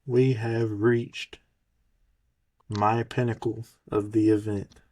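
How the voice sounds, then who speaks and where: A man's voice: on the low side, flat delivery, slow, warm tone. Sarcastic man on a heated rant. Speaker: podcast co-host. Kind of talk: mocking rant.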